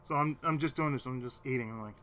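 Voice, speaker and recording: Speaking quickly in a mid-range voice that sounds bright and forceful, this man recounts a lengthy personal tale to his stream, swearing constantly. When he quotes his own words, he lowers his voice nearly to a whisper, and there's slight background noise.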